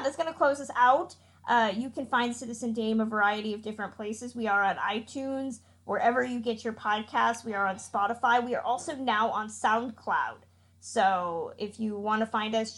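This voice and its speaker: A woman's voice: on the high side, fairly bright tone. A woman hosting a podcast, chatting casually through the show's sign-off and plugs, with fillers and laughs. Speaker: podcast host. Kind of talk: casual podcast outro chat.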